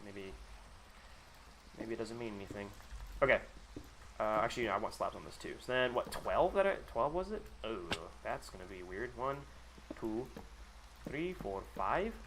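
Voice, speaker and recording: A man's voice: on the low side, expressive, normal speed, long pauses, fairly bright tone, slight background noise. A man talking casually to his chat on a live gaming stream, rambling, sarcastic and freely profane.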